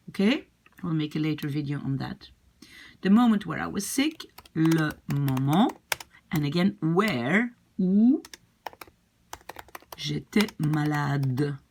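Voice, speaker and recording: Animated Dutch-accented woman teaching slowly. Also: low voice, husky. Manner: patient, repeats phrases slowly, animated. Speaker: language teacher. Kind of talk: study-with-me language lesson.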